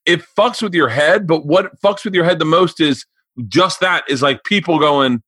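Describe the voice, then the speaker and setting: A man's voice: on the high side, moderate pace, bright, forceful tone, husky, no room sound. A man hosting a podcast, chatting bluntly and enthusiastically, with plenty of swearing. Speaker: podcast host. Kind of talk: casual interview chat.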